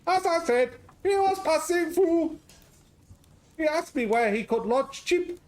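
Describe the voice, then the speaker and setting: A man's voice: very high-pitched, expressive, a little slow, voice pushed up. A man voicing a cheerful middle-aged Greek restaurant owner in a game, with a put-on Greek-Scottish accent and a chatty, exclaiming manner. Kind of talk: reading game dialogue aloud.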